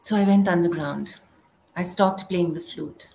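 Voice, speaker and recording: A middle-aged woman performing a spoken word poem in a slow, measured recitation. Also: fairly low pitch, vocal fry, mellow, a little hiss or hum, low-quality recording. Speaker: poet.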